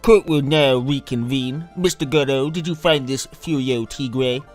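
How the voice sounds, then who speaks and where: A man's voice: medium pitch, measured pace, close to an everyday voice. Man doing a bumbling old judge, stammering, nervous, fussy, faint music. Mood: formal. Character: timid, bumbling elderly male judge.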